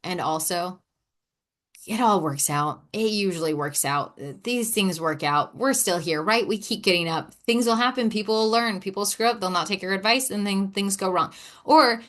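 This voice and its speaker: A woman with a medium-pitched, slightly bright voice hosts a casual self-help podcast at a moderate pace. She talks candidly and self-deprecatingly, sighing and showing playful sass, and acts out quoted dialogue in shifting voices.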